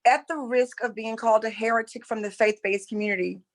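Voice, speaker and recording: A high-pitched woman talks like a preacher. She speaks emphatically, repeats her points and calls her listeners y'all. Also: fairly even intonation, fairly quick, poor audio. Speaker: spiritual coach and former preacher. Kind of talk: impassioned preaching-style talk.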